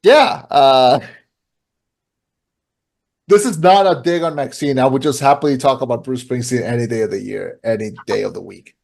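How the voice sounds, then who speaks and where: A man co-hosting a casual podcast, rambling with many fillers and breaking into booming impressions. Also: normal speed, creaky, darkish tone. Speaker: podcast co-host.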